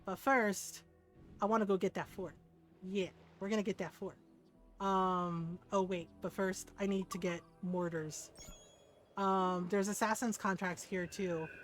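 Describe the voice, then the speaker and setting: A woman's voice: medium pitch, fairly even intonation, unhurried, faint music behind. A woman in her forties streaming a game, telling a personal story in a candid, casual way, swearing freely and laughing often. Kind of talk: casual storytelling while gaming.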